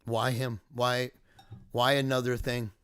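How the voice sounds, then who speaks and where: A man's voice: mid-range voice, flat delivery, measured pace, fairly bright tone, clean tone, no echo, studio quality. Earnest man telling a family story. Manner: earnest, emotional, reflective storytelling. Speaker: father recounting a family emergency. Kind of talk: personal video diary monologue.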